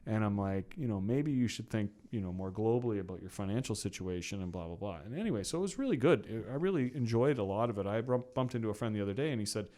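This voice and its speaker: A middle-aged man, a podcast guest, telling a long story in a casual, animated way, acting out the quoted exchanges with lots of fillers. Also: fairly low pitch, fast talker, few pauses.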